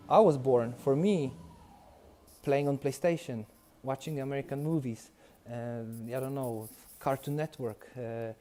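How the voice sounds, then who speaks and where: A man's voice: medium pitch, slight background noise. A young man from Poland with a Polish accent, telling his story casually in a documentary interview, acting out dialogue with many restarts. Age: young adult. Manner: animated, acts out dialogue, frequent restarts. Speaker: documentary subject.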